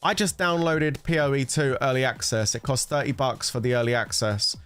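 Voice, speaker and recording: A man's voice: mid-range voice, brisk, fairly bright tone, clear, resonant tone, dry recording, faint music behind. A man giving heated, profanity-laced commentary, exasperated and ranting about a mobile game. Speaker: gaming content creator.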